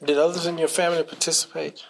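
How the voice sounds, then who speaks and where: A man's voice: on the high side, level tone, fast, creaky, slight background noise. Man asking oral history questions. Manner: asks probing follow-up questions, brief acknowledgments.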